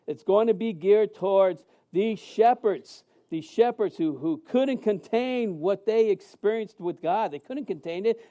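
A man in his fifties, a pastor, preaching a sermon in a conversational way, with many restarts and lively acted-out quotes. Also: high-pitched.

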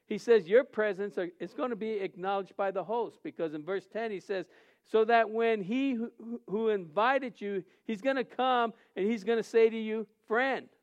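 A man's voice: sits high, normal speed, lo-fi sound. A man who is a pastor, preaching a sermon and telling a funny personal story, acting out the dialogue and laughing often.

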